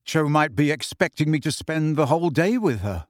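A man's voice: on the high side, lively intonation, moderate pace, no echo, clean studio sound, lightly acted. A man doing an irritable teenage boy. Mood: irritable, flat.

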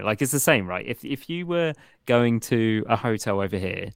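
A British man co-hosting a podcast in relaxed, rambling chat, laughing easily between points. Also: on the low side, gravelly, no room sound, clean studio sound. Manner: easygoing, rambling, quick to laugh. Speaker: podcast co-host.

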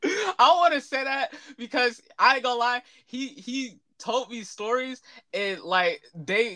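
A man's voice: high-pitched, dry recording. A fifteen-year-old boy chatting as a co-host, telling a story with plenty of laughter and casual swearing. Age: teens. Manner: animated, laughing often, swearing freely. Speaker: podcast co-host.

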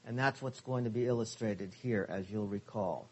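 A man's voice: fairly low pitch, normal speed, darkish tone, slightly rough. A man teaching a Bible class, asking his listeners questions and stressing key words.

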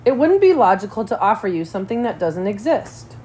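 A woman's voice: mid-range voice, very animated, a little fast, warm tone, natural voice. Woman reader voicing a formal, precise schoolboy genius, earnest and stiff in a storybook reading.

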